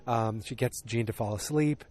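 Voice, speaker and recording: A man hosting a casual solo podcast. He retells the story in a rambling way, with lots of fillers, self-corrections and excited asides. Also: medium pitch, normal speed. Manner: animated, exclamatory asides. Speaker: podcast host.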